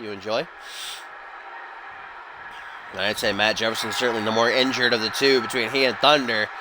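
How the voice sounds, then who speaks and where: A young man doing casual, excitable play-by-play commentary for a wrestling video game, shouting on the close calls. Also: mid-range voice, background noise. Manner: excitable, rises to near-shouting on near-falls; casual asides and swearing between calls.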